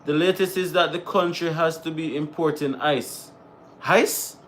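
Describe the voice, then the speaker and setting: Chatty man, slightly high voice. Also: fairly even intonation, unhurried, a bit bright, slight background noise. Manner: chatty and laughing, slipping into patois. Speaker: host of a live Q&A stream. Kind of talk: casual live-stream chat, reading viewer comments aloud.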